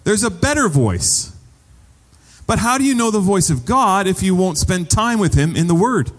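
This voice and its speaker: A man's voice: high-pitched, very animated, moderate pace, in a large hall. A man preaching a sermon as pastor, conversational and repeating phrases for emphasis.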